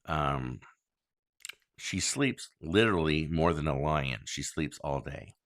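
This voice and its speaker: A man talking straight to his listeners as a worried, angry father, blunt and full of ums. His voice sits very low but swings widely in pitch. The sound is dry and close. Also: lively intonation, slow, fairly bright tone, no room sound. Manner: frank, blunt, frequent ums and swearing; indignant, complaining. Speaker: father making a public plea. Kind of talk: monologue to listeners.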